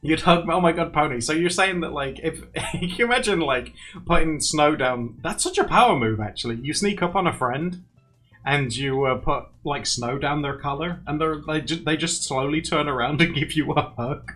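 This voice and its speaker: On a casual livestream with faint music in the background, a young male host reads his viewers' comments, chats with them and laughs often. His voice sits a little high, with a fairly bright tone and a moderate pace.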